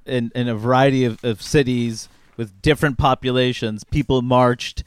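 A man's voice: mid-range voice, fairly even intonation, normal speed, clean tone, no echo. A man co-hosting a comedy podcast, speaking bluntly and with indignation. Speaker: podcast co-host.

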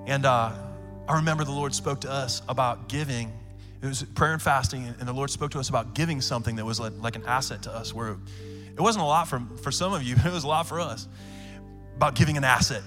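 A male pastor preaching a sermon in an energetic, emphatic way, with frequent call-outs to the congregation, in a large church arena. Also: medium pitch. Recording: long hall reverb, faint music.

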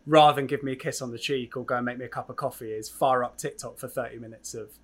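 A man's voice: mid-range voice, steady tone, fast. A young man from England co-hosting a podcast, asking long, hesitant questions with many restarts. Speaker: podcast co-host. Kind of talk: casual interview chat.

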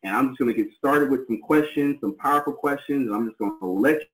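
A man's voice: mid-range voice, quick pace, fairly bright tone, reverberant, rough recording. A man co-hosting a podcast, talking in an effusive, rambling, enthusiastic way. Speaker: podcast co-host. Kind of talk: casual podcast chat.

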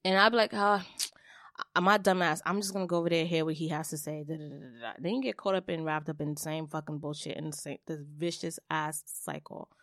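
A young adult woman on a podcast, telling a personal story in blunt, swearing, animated casual chat. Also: low-pitched, fast, dry recording, studio quality. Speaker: podcast co-host.

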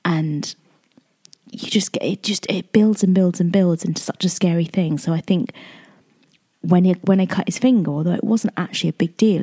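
Young mum rambling on a podcast, kinda low mellow voice, lots of ums. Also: female voice, slightly rough. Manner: emotional, rambling, many fillers and restarts. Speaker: podcast host. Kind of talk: casual personal chat.

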